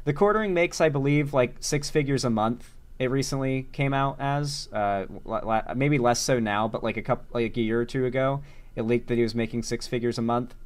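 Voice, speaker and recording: A man giving an earnest, rambling political monologue in a video clip, full of fillers. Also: medium pitch. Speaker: online political commentator.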